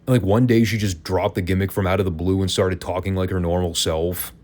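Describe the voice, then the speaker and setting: A man's voice: sits low, little pitch movement, brisk, a little mellow. A man hosting a podcast, giving a casual, opinionated and sarcastic wrestling review. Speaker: podcast host.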